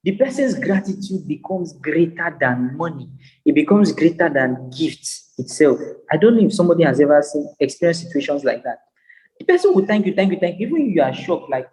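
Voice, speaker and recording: A man lectures with an emphatic, repetitive, preacher-like cadence. His voice sits fairly high but sounds dark and mellow in tone. The sound rings with a long reverb, as in a big hall. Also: sing-song, brisk. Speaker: business psychologist and speaker. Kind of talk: motivational lecture.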